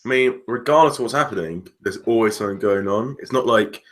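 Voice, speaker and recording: A man's voice: lowish voice, brisk. A young man co-hosting a casual chat, laid-back and giggly, full of fillers. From Essex, England. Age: young adult. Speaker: podcast co-host.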